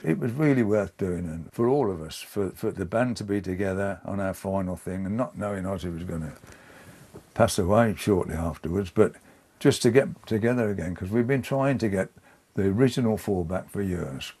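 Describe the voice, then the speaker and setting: An older man, giving a hesitant, halting interview and often repeating words. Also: sits low, a little mellow, slightly rough. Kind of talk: reflective casual interview.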